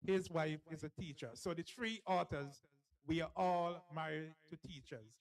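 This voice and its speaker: A man's voice: fairly high pitch, moderate pace, low-quality recording. Jovial man hosting a book launch. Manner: jovial, laughs often, teasing. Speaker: author and host of a book launch. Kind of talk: lively live event hosting.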